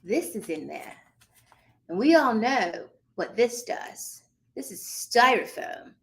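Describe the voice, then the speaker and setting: A woman's voice: fairly high pitch, sing-song, slow pace. A woman hosting a casual live stream and coaching her audience. She is hyper and playful, calls everyone darling, and slips into a playful posh put-on accent. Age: adult with children. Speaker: host and notary business coach.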